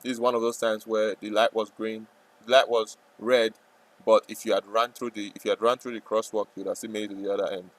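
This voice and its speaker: A man talking casually over a live trading stream, rambling and joking, sometimes breaking into loud playful yelling. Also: lowish voice, level tone, brisk, rough recording.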